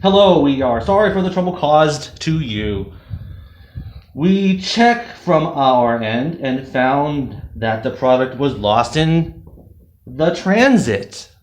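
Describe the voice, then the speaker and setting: A man's voice: fairly high pitch, lively intonation. A man doing a stiff, formal service agent. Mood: formal, halting. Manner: slow, halting, formal script-reading with a put-on accent. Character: stiff, overly polite male customer service agent. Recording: roomy echo.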